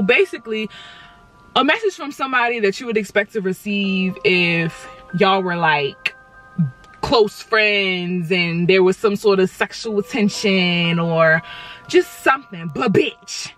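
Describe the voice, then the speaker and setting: A woman's voice: mid-range voice, expressive, measured pace, sharp tone, soft background music. A young woman telling a casual storytime from inside her car, dramatic and sassy, talking straight to her viewers.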